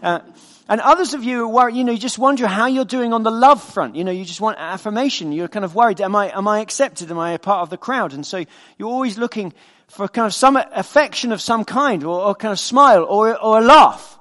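In a big space with a long reverb tail, a man preaches conversationally, his high voice fairly quick and a bit bright. He asks the congregation questions and performs the voices of characters in his stories.

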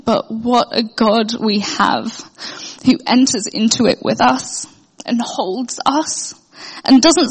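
A woman's voice: on the high side, long reverb tail, rough recording. A young woman sharing a heartfelt personal faith testimony, hesitant, with many fillers and restarts. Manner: earnest, heartfelt.

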